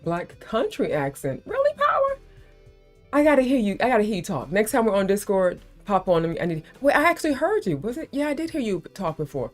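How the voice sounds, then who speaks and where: A woman's voice: medium pitch, wildly swooping pitch, fairly quick, faint music behind. Chatty American woman hosting a stream. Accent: neutral American. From South Florida, USA. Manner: chatty, laughing, calls people baby. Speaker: livestream host. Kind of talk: casual live-stream chat.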